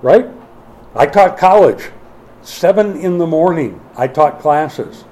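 Man preaching a sermon, mellow voice. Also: a little high, animated, slow pace, rough recording. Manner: preaching with swings from quiet to emphatic; folksy asides to the congregation. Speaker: pastor.

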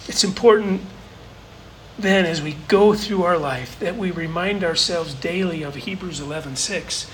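Bright-voiced, high-pitched male preacher. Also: measured pace, a little hiss or hum, low-quality recording. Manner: earnest, builds to emphatic repetition. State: briefly choked up. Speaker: pastor. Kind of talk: sermon.

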